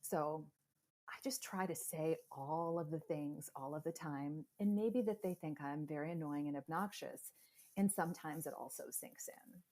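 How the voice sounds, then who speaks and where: A woman in her forties telling animated stories in a casual interview, acting out other people's voices as she goes. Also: low-pitched, normal speed. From United States. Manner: animated storyteller, acts out quoted voices. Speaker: podcast guest, psychotherapist.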